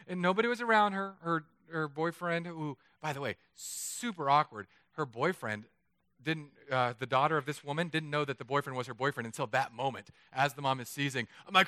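A male pastor preaching a sermon, telling lively personal stories and joking with his congregation. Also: on the high side, a little fast, dry recording. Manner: animated storytelling, jokes with congregation.

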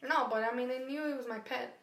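A woman telling a story in casual chat, animated and profane, acting out the voices of the people in it. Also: on the high side, fast talker, roomy sound. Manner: animated, profane, acts out quotes.

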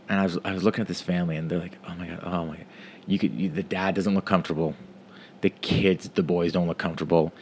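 Man, very low voice, casual rambling storyteller, swears a lot, faint room ambience. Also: slight background noise. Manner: casual, profane, rambling with restarts. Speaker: parent telling a story.

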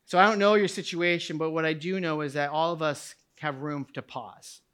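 Man, pastor, church sermon, high-pitched, bright tone, swings from hushed to shouting. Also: fairly even intonation, normal speed, clear, resonant tone. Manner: swings from quiet reflection to shouted preaching. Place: church sanctuary.

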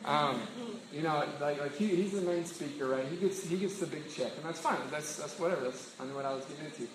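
A man's voice: fairly high pitch, quick pace, roomy sound, background noise. A middle-aged man preaching in a casual, conversational way, with many fillers and restarts. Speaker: campus ministry pastor. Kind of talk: sermon.

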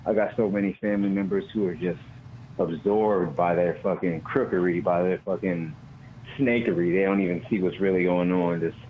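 A man phoning in to a talk show, his voice sitting low as he tells stories in a blunt, profane way. The line sounds dull and lo-fi, with a faint hiss of noise under it. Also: fairly even intonation, normal speed. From Baltimore, USA. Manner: profane, heated storytelling. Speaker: caller. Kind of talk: casual call-in chat.

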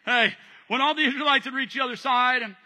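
A man preaching a sermon as pastor, animated and acting out voices, joking with the congregation. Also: very high voice, brisk.

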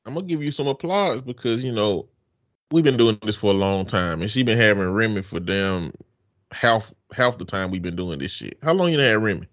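A man's voice: fairly low pitch, expressive, a little fast, fairly bright tone, no room sound, lo-fi sound. A man co-hosting a casual podcast, telling stories in a joking, profane way. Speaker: podcast co-host.

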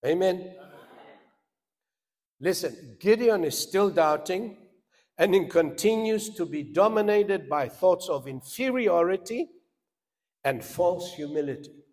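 A man preaching a sermon, swinging from loud, emphatic cries down to quiet asides. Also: fairly high pitch. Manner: preaching with dramatic rises into shouts and drops to a hush. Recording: long hall reverb.

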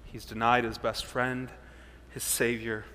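A man's voice: flat delivery, unhurried, slight background noise. Dramatic preacher man in a reverberant hall. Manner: dramatic, swings between loud emphasis and hushed low tones. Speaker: pastor. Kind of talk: sermon.

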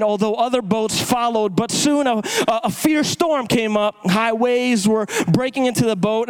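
A man preaching a sermon, impassioned, repeating words and swinging his pitch up and down for emphasis. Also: clean tone, low-quality recording.

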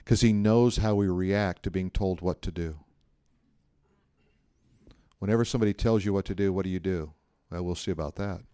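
A man's voice: sits low, normal speed, pauses often, smooth, no room sound. Middle-aged guy preaching, chatty storyteller, dry close sound, jokey asides. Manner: animated storytelling, jokey asides, frequent "right?". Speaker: pastor. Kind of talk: sermon with personal story.

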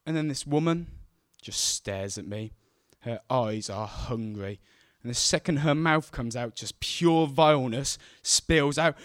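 A young man telling a childhood story on stage, lively and acting out the voices of the people in it. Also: mid-range voice, unhurried, few pauses, dry recording, studio quality. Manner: animated, acts out the voices of people in his story.

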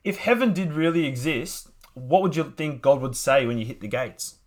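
A man's voice: medium pitch, lively intonation, normal speed. A man hosting a podcast interview, enthusiastic, with frequent ums and laughs. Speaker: podcast host. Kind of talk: casual interview chat.

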